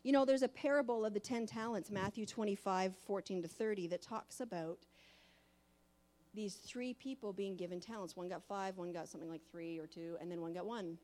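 A woman preacher giving a sermon in an animated storytelling manner. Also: mid-range voice, fairly quick.

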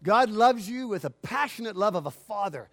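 High-pitched guy giving a sermon, gets loud then real quiet, does little grumbly voices. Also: moderate pace. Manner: animated preaching with sudden loud swells and quiet drops; acts out imagined phone calls in a grumbling aside voice. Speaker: pastor.

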